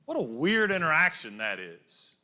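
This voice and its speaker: Middle-aged guy preaching in church, high bright voice, tells stories and does little voices. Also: huge pitch swings, moderate pace. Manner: storytelling, acts out voices in quotes. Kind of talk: sermon.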